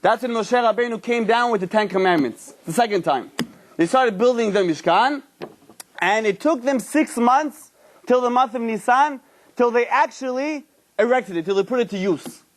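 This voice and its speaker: High-voiced rabbi telling an animated story. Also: male voice, normal speed. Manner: animated storyteller acting out characters. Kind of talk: storytelling Torah class.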